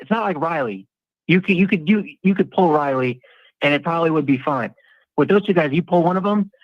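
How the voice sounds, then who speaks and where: A man talks through a football breakdown in a rambling, analytical way, circling back and restarting sentences. His voice sits a bit high and comes through a slightly muffled, dry mic. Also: dry recording. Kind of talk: casual sports talk.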